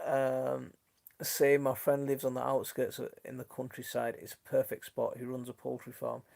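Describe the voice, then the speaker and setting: A live-stream host with a blended Leeds and Sheffield accent, talking at an ordinary pitch with a gravelly edge. He sounds chatty and friendly, answers viewer comments and often restarts his sentences, all recorded on a phone at home. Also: takes it slowly, long pauses. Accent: mixed Leeds and Sheffield. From Northern England. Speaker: gardening channel host.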